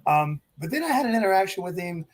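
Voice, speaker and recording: Guy with a kinda high voice, ex referee telling backstage stories, gets animated doing the quotes. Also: fast talker. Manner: animated, acts out quotes with swearing and laughs. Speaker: former wrestling referee, guest. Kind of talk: casual storytelling interview.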